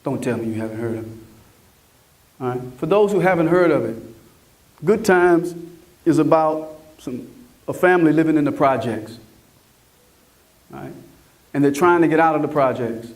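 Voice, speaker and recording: A middle-aged man from Mississippi gives an animated motivational talk and keeps checking in with his audience. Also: on the high side, moderate pace, pauses often, distant mic. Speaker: conference speaker. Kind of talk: motivational storytelling speech.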